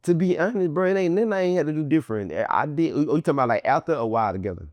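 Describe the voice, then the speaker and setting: Profane, animated man telling a story. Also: fairly high pitch, very fast, dry recording. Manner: acts out quoted people in a raised voice. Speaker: interview guest. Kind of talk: casual storytelling interview.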